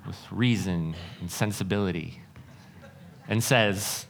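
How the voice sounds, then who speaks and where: A man's voice: fairly low pitch, a little slow. A man preaching a sermon, earnest and self-deprecating, often restarting his sentences as he builds his points. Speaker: pastor.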